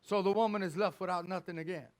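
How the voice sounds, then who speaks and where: A pastor with a high voice tells a long story from the pulpit. He speaks each character's lines in turn, loud in one moment and soft the next. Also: fairly even intonation, fast. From Texas. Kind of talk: sermon storytelling.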